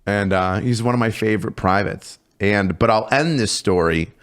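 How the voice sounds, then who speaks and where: A man in his thirties with a somewhat low voice tells an old army story on a podcast. He swears freely and gets animated as he acts out scenes. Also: moderate pace, clean tone. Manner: animated, profane, acts out shouted exchanges. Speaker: podcast guest, former drill sergeant. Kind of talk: casual storytelling.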